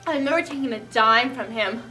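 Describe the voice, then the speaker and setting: A woman voicing a scheming young male suitor who is smooth and pushy. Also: on the high side, a little fast, bright, forceful tone, far from the mic, faint music behind. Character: young man, scheming fortune-hunting suitor.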